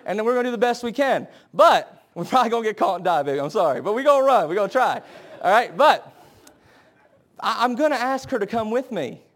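A man's voice: sits high, lively intonation, fast talker, fairly bright tone. A young man preaching a sermon in an earnest, conversational way, acting out scenes with quoted voices. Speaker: pastor.

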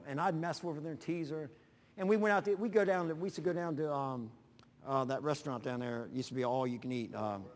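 A man pastor preaching through folksy personal stories, animated and prone to sudden loud bursts. His voice sits fairly high. The long reverb of a large hall trails each phrase.

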